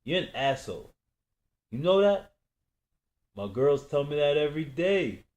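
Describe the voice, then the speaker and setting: A man reading a novel aloud, voicing a frightened, angry young man who shouts and pleads in a high-pitched voice. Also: big pitch swings, unhurried. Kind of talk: audiobook reading.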